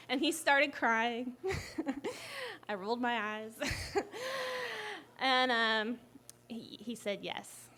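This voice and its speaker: A young woman telling a personal story live, animated and often laughing as she talks. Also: fairly high pitch, extremely slow, long pauses.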